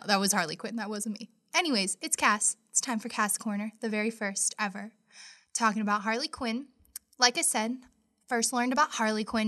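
Bright-voiced, chatty young woman. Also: medium pitch, no room sound, studio quality. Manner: chatty and enthusiastic, bursts of excitement. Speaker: podcast segment presenter. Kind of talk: casual monologue.

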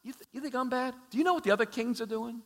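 A man's voice: very high voice, very fast, fairly bright tone, pitched above the performer's own voice. A man voicing a defensive ancient king who whines and makes excuses in an indignant voice. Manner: whiny, indignant, rising to exclaim. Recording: echoey large hall.

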